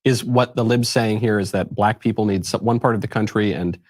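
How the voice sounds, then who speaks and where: Measured man with a lowish voice. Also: no echo, clean studio sound. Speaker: commentator in a played clip. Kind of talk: argumentative political commentary.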